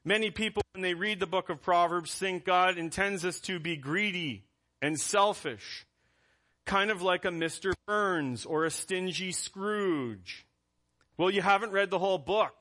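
A man's voice: sits high, measured pace, bright, forceful tone. A man preaching a conversational sermon as pastor, reading scripture aloud between asides.

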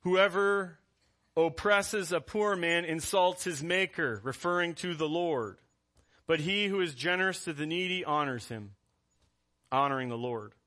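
A man's voice: a little high, a little slow, sharp tone. A man preaching a conversational sermon as pastor, reading scripture aloud between asides.

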